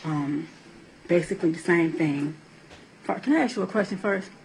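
A woman's voice: lowish voice, moderate pace, creaky, a little mellow, slight background noise, low-quality recording. A woman giving courtroom testimony, telling her account in a blunt, profane, emotional way. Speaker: defendant in court.

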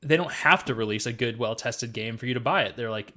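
Here the podcast co-host talks fast, his medium-pitched voice sounding pushed and bright. The conversation is casual, but he keeps veering into ranting, profane tangents.

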